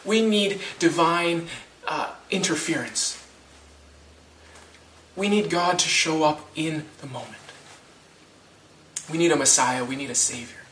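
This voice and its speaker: A man's voice: a little high, a little slow, pauses often, a bit bright, a little hiss or hum. Roomy, distant male pastor preaching. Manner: conversational, with frequent restarts and rhetorical "right?". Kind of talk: sermon.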